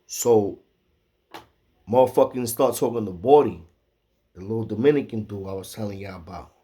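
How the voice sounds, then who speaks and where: A man telling a profane, animated street story, acting out the quotes. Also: on the low side, moderate pace, husky.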